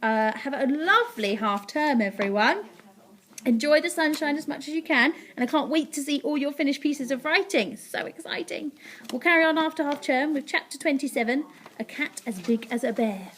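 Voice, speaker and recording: A woman teacher reading a story aloud to her class. Her voice is high and swings widely. She throws in playful sound effects. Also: animated, moderate pace, a bit bright.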